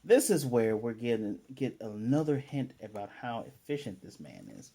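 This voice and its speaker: Rambling man with a mellow voice. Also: mid-range voice, sing-song, moderate pace, husky. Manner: rambling, lots of fillers and restarts. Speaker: anime reviewer. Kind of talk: casual episode recap.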